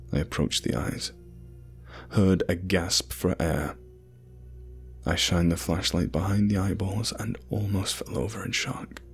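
A man narrating a scripted first-person horror story in a measured, grim way. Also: deep voice, gravelly, slightly rough.

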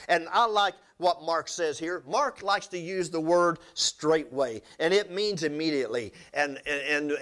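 A man preaching a sermon, retelling scripture stories and asking the congregation for amens. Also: a bit bright. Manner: storytelling preacher, calls for amens, pitch swings up and down.

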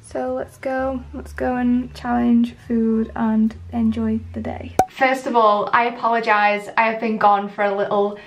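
Young female vlogger, slightly high-pitched, candid and casual. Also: flat delivery, unhurried, few pauses, muffled recording, a little hiss or hum. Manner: candid and chatty, talking straight to the camera. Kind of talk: casual vlog chat.

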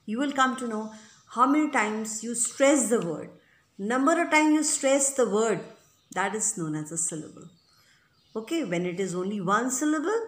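A mid-range female voice, recorded in an echoey space, walks the listener through English grammar rules. Her teaching is patient and repetitive, punctuated by frequent "right?" and "okay?" check-ins.

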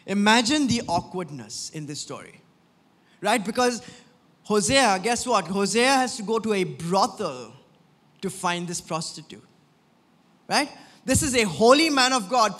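A man's voice: high-pitched, fairly bright tone, long reverb tail. A male pastor preaching a sermon in a conversational, storytelling way, often checking in with the congregation. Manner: conversational, frequent "right?" tags. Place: church.

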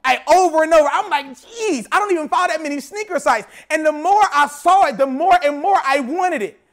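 A young man preaching a sermon, telling a story and repeating phrases as he builds to shouting. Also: extremely high pitch, lively intonation, fairly quick. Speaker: pastor.

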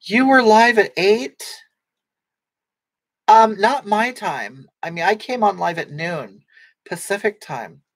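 A brash, crude middle-aged woman, put on by a man, who rambles through a comic livestream with a breathy, halting voice. She keeps restarting her sentences as she reads out chat comments, easily wounded and quick to take offense. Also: high voice, full character voice. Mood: rambling. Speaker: livestream host reading comments.

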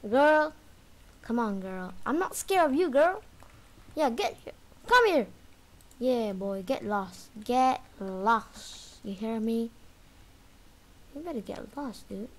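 A woman giving lively commentary while playing a video game, taunting the chaser and yelping when it gets close. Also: a little high, slow pace, long pauses. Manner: animated, talks trash to the game's chaser, sudden yelps and shrieks. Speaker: gaming video creator. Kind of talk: live gameplay commentary.

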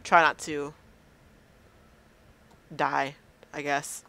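A man's voice: on the high side, flat delivery, extremely slow, vocal fry, bright, forceful tone, clear, resonant tone. A man doing let's play commentary, hesitantly muttering to himself as he works out the game controls. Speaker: gameplay commentator.

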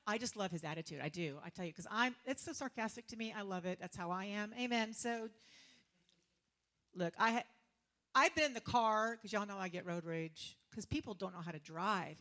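A woman preacher delivers a sermon in a bright, forceful voice that sits a little high. She laughs easily and mixes scripture with casual slang and sarcastic asides.

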